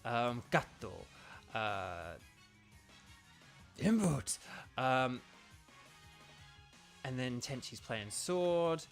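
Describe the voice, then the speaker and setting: A man's voice: mid-range voice, big pitch swings, drawn-out words, long pauses, a bit bright, soft background music. A man streaming a video game, chatting casually and rambling as he reads viewer comments aloud. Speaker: streamer and voice actor.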